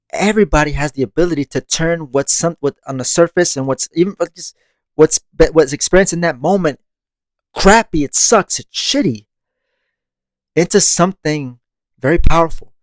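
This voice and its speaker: A man's voice: fairly high pitch, normal speed, pauses often, no echo. A man hosting a monthly meditation podcast, reflecting on growth in a casual, conversational way, laughing often and swearing casually. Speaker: podcast host.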